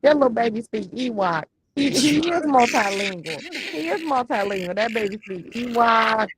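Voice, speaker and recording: A woman's voice: a little high, animated, normal speed, rough recording. A woman co-hosting a reaction show, talking bluntly and mockingly with lots of swearing. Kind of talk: casual reaction commentary.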